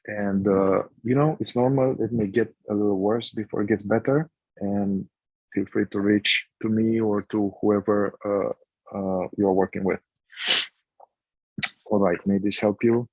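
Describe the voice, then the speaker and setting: Facilitator type: husky man with a low voice, slow and searching delivery, dry close mic. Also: steady tone, darkish tone, dry recording, dull audio. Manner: slow, searching, restarts phrases. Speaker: somatic inquiry facilitator. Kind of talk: guided practice instruction.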